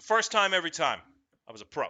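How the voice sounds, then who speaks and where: A man telling comedic stories in a profane, animated way, breaking into shrill shouted impressions. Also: fast talker, highs cut off. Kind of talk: comedic storytelling.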